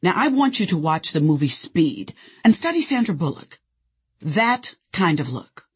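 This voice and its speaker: A woman's voice: sits low, big pitch swings, measured pace, slightly rough, heavily acted. A woman voicing a kind but direct female casting director, firm and matter-of-fact.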